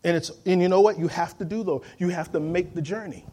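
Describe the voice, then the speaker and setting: A man delivers a lively sermon in a high voice, driving home each point and calling for the congregation to answer back. He slips into quick impressions of the people he quotes, then returns to plain, emphatic preaching. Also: breathy edge. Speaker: pastor.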